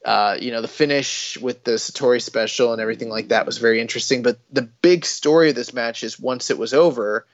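A man's voice: medium pitch, brisk, few pauses. A man chats casually about wrestling and rambles from one point to the next, with plenty of ums and you-knows. His recording sounds dull and muffled. The room is dry, with no echo at all. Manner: rambling, many fillers and restarts. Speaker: podcast co-host.

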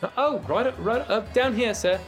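A flustered little gnome girl innkeeper in a tabletop game, put on by a man. Her voice sits high and squeaky as she stammers through the menu. Soft music plays behind her. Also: normal speed, natural voice. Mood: flustered eager. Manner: stammering, fussing over orders.

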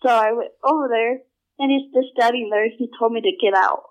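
A young adult woman telling personal stories in a casual, halting way, full of filler words and restarts. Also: fairly high pitch, rough recording. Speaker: storyteller.

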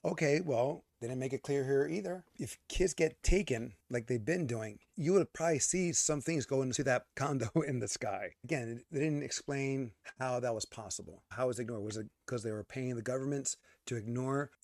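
A man co-hosting a casual movie review, ranting and arguing in an animated way. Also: medium pitch, normal speed, few pauses, no echo. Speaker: podcast co-host.

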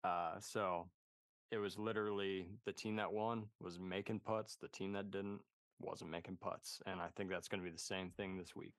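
A man's voice: sits low, steady tone, moderate pace, no echo. A man co-hosting a podcast in casual chat, laid-back and full of "dude" and "man". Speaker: podcast co-host. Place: podcast studio.

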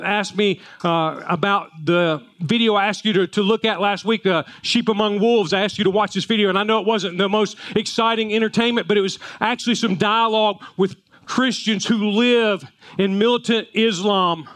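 A man preaching to his congregation, his voice sitting notably high for a man. He tells homely stories and often stops and restarts his sentences, chatty rather than polished. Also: a bit bright, clean tone. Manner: folksy storytelling with repeated restarts. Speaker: pastor. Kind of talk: sermon.

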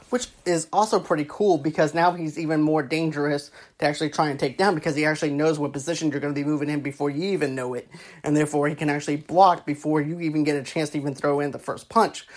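Her low, slightly mellow voice carries a loose, rambling take on movies. She tends to repeat herself and stack filler phrases, with "actually" and "go on ahead" coming up over and over.

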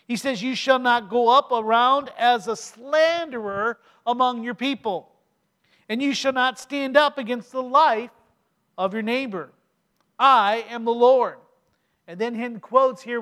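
Middle-aged pastor, very high voice, emphatic sermon delivery with rhetorical questions. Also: male voice, fairly bright tone. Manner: emphatic preaching with rhetorical questions and slow stressed phrases.

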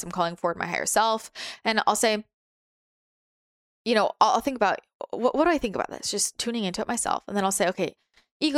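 A woman speaks as a spiritual teacher, her voice smooth and resonant. She talks gently and soothingly, sometimes acting out her inner voices. The sound is dry and close, with no room echo. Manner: gentle, soothing, occasionally voices her ego in a higher pitch. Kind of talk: guided spiritual talk.

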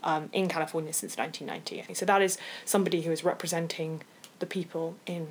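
Lower-voiced woman podcast co-host. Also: fairly even intonation, quick pace, slight background noise. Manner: enthusiastic, emphatic repetition. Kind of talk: casual chat.

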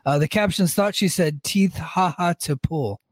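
A man's voice: high voice, measured pace, breathy edge. A man co-hosting a wrestling podcast, recapping events in a loose, joking way with frequent laughs. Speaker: podcast co-host.

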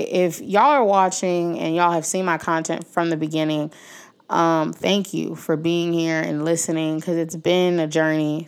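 A young woman signs off her own podcast in a heartfelt, casual way, calling her audience "y'all," thanking them frequently and leaning on many fillers. Her lowish voice sounds clear and resonant.

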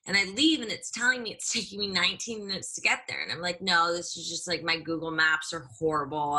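A young woman who blogs and co-hosts a podcast chats casually and tells stories, saying "like" a lot. Her voice sits on the low side, bright and forceful.

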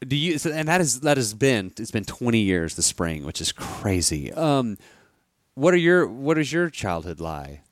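A man's voice: mid-range voice, sing-song, moderate pace, no room sound, clean studio sound. A man co-hosting a podcast, telling a long story in casual chat, rambling and full of fillers. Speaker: podcast co-host.

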